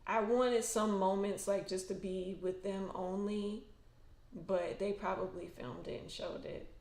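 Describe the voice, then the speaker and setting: A woman's voice: medium pitch, steady tone, unhurried, a little mellow. A woman hosting a casual livestream, chatting emotionally and colloquially with frequent restarts. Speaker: tarot reader and fan livestream host. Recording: echoey room.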